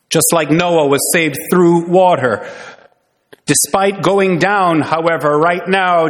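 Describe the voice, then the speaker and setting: Man, pastor, sermon, raised pitch, long church reverb. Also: a bit bright. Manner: earnest preaching with rhetorical questions. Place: church sanctuary.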